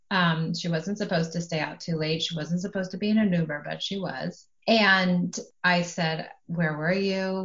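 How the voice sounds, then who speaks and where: Woman in her forties, mid pitch, calm and explanatory, slightly dull recording. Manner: calm, explanatory, acts out quoted dialogue. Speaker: parenting guest. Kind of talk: podcast conversation.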